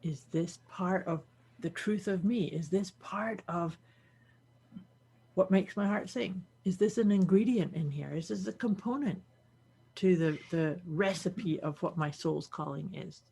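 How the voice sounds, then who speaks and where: Woman co-host, bit husky, thinking out loud, casual. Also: on the low side, a little slow. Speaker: podcast co-host. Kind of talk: casual chat.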